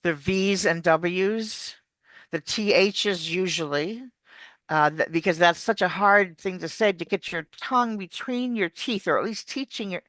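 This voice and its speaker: An American woman who works as an accent coach explains pronunciation during a video call interview, animatedly demonstrating the sounds as she goes. Her voice is lowish and unhurried, and the recording is dry.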